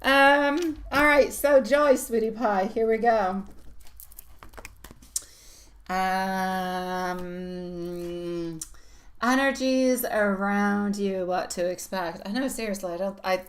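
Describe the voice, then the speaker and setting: A woman's voice: medium pitch, steady tone, slow pace, long pauses. A middle-aged woman giving a live-stream tarot reading, chatty and affectionate, laughing often as she greets viewers. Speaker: tarot reader.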